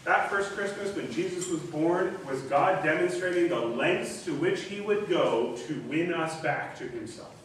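A man preaches in a conversational, animated way and sometimes acts out lines in other voices. His voice sits fairly high for a man. It is caught from a distance in a very echoey hall with faint noise behind. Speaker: pastor. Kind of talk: sermon.

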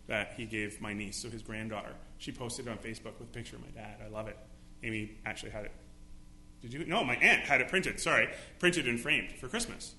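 A man's voice: mid-range voice, bright, forceful tone, echoey room, a little hiss or hum. A male pastor preaching a sermon, acting out quotes with dramatic voices. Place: church sanctuary.

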